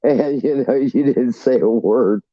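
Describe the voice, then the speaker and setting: Slow rambling profane man. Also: medium pitch, no echo, highs cut off. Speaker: navy veteran telling stories. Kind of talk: casual live-stream chat.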